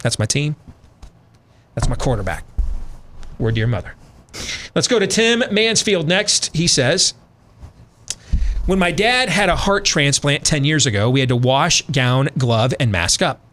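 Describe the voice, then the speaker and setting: A man's voice: fairly high pitch, animated, unhurried, long pauses, a bit bright. A middle-aged man hosting a radio talk show, ranting with sarcastic, emphatic commentary.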